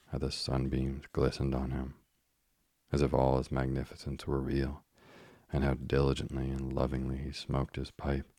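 Man narrating a story, extremely deep voice, monotone, husky, dry. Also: dry recording. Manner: measured, old-fashioned reading. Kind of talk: audiobook narration.

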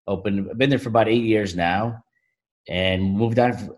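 A man's voice: fairly low pitch, moderate pace. A man with a Brooklyn New York accent, a pizzeria owner giving plainspoken, friendly answers as a guest in a casual interview.

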